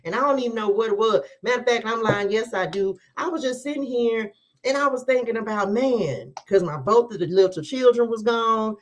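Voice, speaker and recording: A woman's voice: fairly high pitch, a little fast. A woman tarot reader hosting a live stream, chatting casually and with animation, laughing often and talking straight to viewers.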